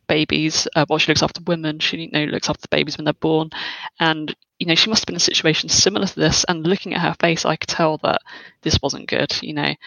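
A young adult woman speaks as an interview guest, hesitant and reflective. She pauses often and leans on fillers while she looks back on events. Her voice sits in a dry, close sound with no room echo. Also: low-pitched, gravelly, a bit bright. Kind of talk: personal interview, recounting.

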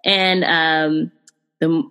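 A woman's voice: low voice, level tone, very slow, a bit bright. A woman hosting a podcast, chatting casually and animatedly about films, with frequent fillers and direct asides to listeners. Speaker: podcast host reviewing films. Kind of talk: casual chat.

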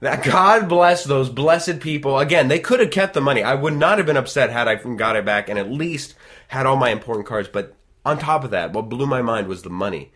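Animated man rambling through a story. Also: mid-range voice, fairly quick. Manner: animated, rambling, frequent restarts, acts out quoted dialogue. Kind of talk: casual storytelling chat.

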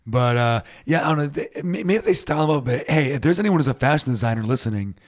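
A man's voice: mid-range voice, animated, fast. A man co-hosting a podcast in casual chat, rambling and laughing often. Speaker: podcast co-host.

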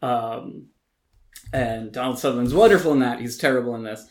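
A man co-hosting a casual podcast, giving animated, opinionated reviews with frequent ums and restarts. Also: medium pitch, fairly quick. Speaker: podcast co-host reviewing films and TV. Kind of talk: casual chat.

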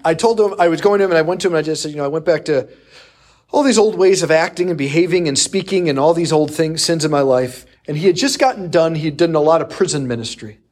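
A man preaching a sermon, telling a personal story with lively acted-out quotes. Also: on the high side, quick pace. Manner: animated storyteller who acts out quoted voices. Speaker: priest.

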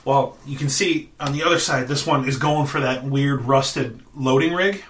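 A man's voice: normal speed, fairly bright tone, a little hiss or hum. A man narrating as dungeon master of a tabletop game, playful and casual. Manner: playful, puts on squeaky goblin voices.

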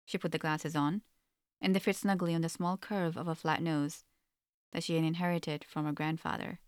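A woman narrating a story in an audiobook, with a steady, measured reading. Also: deep voice, clean tone, dry recording, studio quality.

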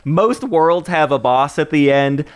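A man's voice: a little high, animated, a little slow, clean tone. A young adult man co-hosting a casual podcast, explaining at length with many restarts. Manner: rambling, lots of restarts. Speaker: podcast co-host. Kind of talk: casual chat.

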